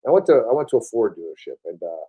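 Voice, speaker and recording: A man's voice: lowish voice, big pitch swings, very fast, dark tone, husky. A man in his forties, a military veteran with a Buffalo accent mixed with Southern, talking casually in an interview with lots of fillers and restarts. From upstate New York. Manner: rambling, filler-heavy, frequent restarts, casual swearing.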